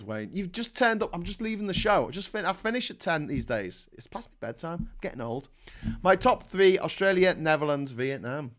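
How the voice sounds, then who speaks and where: A man's voice: fairly high pitch, a bit bright. A middle-aged man with a Liverpool accent, hosting a casual livestream, sarcastic and full of swearing as he rants and reads out chat messages. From England. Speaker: livestream host.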